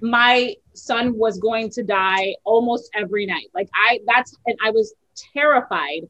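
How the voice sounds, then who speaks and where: A woman in her thirties hosting a casual talk, sharing frank stories as a mother, animated and quick to laugh. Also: a little high, muffled recording. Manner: candid, animated storyteller who laughs easily. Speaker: host. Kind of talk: casual podcast chat.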